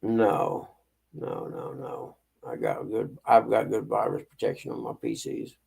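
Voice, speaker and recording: A man's voice: fairly low pitch, fairly even intonation, a little slow, vocal fry, a little mellow, breathy edge, low-quality recording. A man hosting a casual live stream, chatting and greeting viewers by name as he reads out messages.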